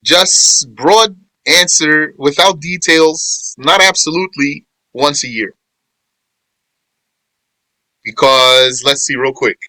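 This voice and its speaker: A man runs an informal religious class in a very bright, sharp voice. He quizzes his students, repeats points and corrects wording as he goes. The sound is dry and close. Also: a little high, no room sound, rough recording. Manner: quizzes students and answers their replies; explains slowly, restating and correcting phrasing. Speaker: religious teacher. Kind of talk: informal class on Islamic law.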